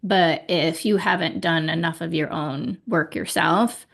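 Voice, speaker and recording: A woman's voice: fairly low pitch, a little slow, creaky. A woman life coach talking in an easygoing, conversational way, with frequent "like"s. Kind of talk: casual chat.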